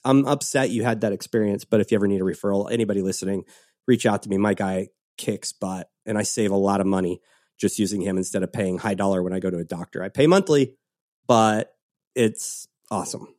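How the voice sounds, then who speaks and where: A man hosting a casual podcast conversation, telling stories with lively acted-out quotes. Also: on the low side, brisk, dry recording, studio quality. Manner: animated storytelling, acts out quotes. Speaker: podcast host.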